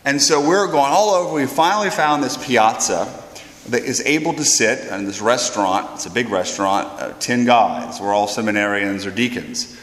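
A man, a priest, telling a funny anecdote with animated, self-deprecating energy and stumbling repeats, in an echoey hall. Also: mid-range voice, normal speed, slight background noise. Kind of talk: storytelling anecdote.

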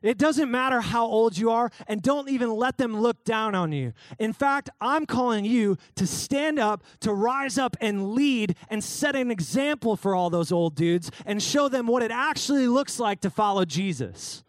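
High-voiced young guy preaching to a youth group, jokey and casual, dry close mic. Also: lively intonation, moderate pace, few pauses, dry recording. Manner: casual, joking, calls out listeners by name. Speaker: youth pastor. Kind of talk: youth sermon.

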